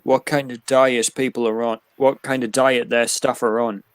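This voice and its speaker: A man's voice: medium pitch, level tone, moderate pace, clean tone, dry recording. A man co-hosting a casual chat, rambling through a story conversationally. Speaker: co-host.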